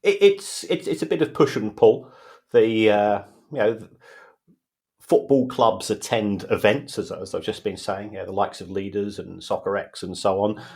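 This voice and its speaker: A man's voice: lowish voice, moderate pace, creaky, a little mellow. A man, co-hosting a podcast and patiently explaining football finance with everyday examples in casual chat. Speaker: football finance expert co-host.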